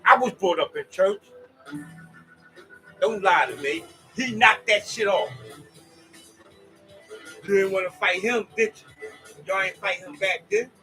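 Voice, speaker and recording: High, bright-voiced man preaching to listeners. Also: slow pace, pauses often, soft background music, poor audio. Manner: rambling, preachy, swears, talks to listeners as y'all. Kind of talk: casual spoken monologue.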